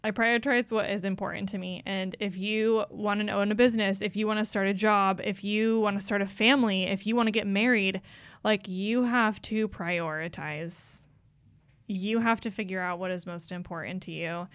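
A woman's voice: medium pitch, a bit bright, no echo. A young woman co-hosting a podcast, talking candidly and from the heart, with many "like" fillers. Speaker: podcast co-host.

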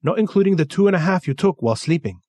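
Casting: man voicing a deferential Japanese dealer, thick Japanese accent, formal and polite, raised pitch. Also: animated, very fast, a little mellow, no room sound, clean studio sound. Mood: matter-of-fact. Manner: courteous, formal, bowing politeness.

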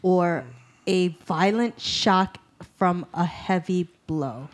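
A woman's voice: fairly low pitch, takes it slowly. A woman co-hosting a casual podcast who makes joking asides and reads definitions aloud.

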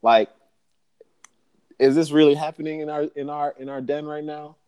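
A man hosting a podcast, telling a story with animated jokes, swearing and laughter in a casual chat. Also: a little high, normal speed, a crowd in the background. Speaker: podcast host.

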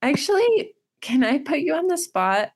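A woman's voice: high voice, sing-song, moderate pace. A woman co-hosting a podcast over a video call, teasing and laughing as she asks questions. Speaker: podcast co-host. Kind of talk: casual chat. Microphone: video call in browser.

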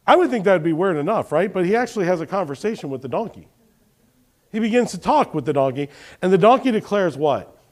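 A man's voice: sits high, very animated, quick pace, a little mellow. A man preaching a sermon, telling Bible stories with animation and questioning his congregation. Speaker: pastor.

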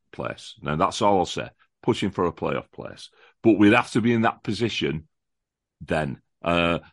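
A man's voice: fairly low pitch, no room sound, studio quality. A man talking as a podcast guest, giving a chatty, enthusiastic football preview with many restarts and repeated words. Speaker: podcast guest, lifelong fan of the visiting football club. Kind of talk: casual chat, football preview.

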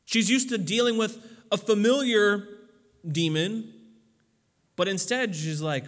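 Pastor, male, slightly high voice, conversational sermon delivery with emphatic peaks, long reverb of a big room. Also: a little slow, pauses often, fairly bright tone. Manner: casual and conversational with frequent fillers, swelling to emphatic peaks.

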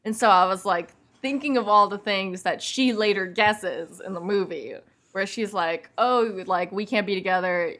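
A woman co-hosting a casual movie review chat, giggly and animated, full of "like" fillers. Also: mid-range voice, normal speed. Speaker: podcast co-host.

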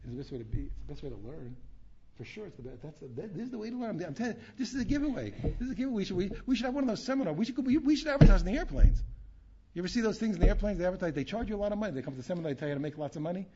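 A man, a rabbi, teaching a Torah class in an animated way, repeating phrases and restarting often. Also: high-pitched, very fast, noisy background. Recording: dull lo-fi recording.

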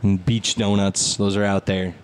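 Animated male podcast host. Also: lowish voice, moderate pace, smooth. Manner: animated storyteller, peppered with "dude". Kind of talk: casual chat.

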